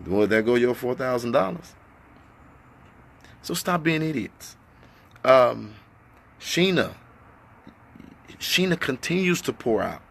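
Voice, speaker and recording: Man, gravelly voice, impassioned livestream talk, rhetorical questions, echoey indoor room. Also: mid-range voice, expressive, slow, pauses often. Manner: fiery, rhetorical questions, then hushed. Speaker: activist addressing followers.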